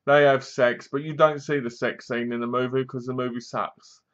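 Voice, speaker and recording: This is a casual spoken movie review from a male critic whose mid-range voice stays steady at a normal speed. He wanders through the story with sarcastic asides and performs snippets of scenes in comic voices. The audio comes across somewhat dull and lo-fi, though fairly bright in tone.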